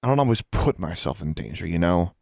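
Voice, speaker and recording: A man voicing a defiant young schoolgirl witch in an audiobook, lifting his deep voice higher. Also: very animated, a little fast, vocal fry, darkish tone, no room sound, studio quality, full character voice. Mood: earnest.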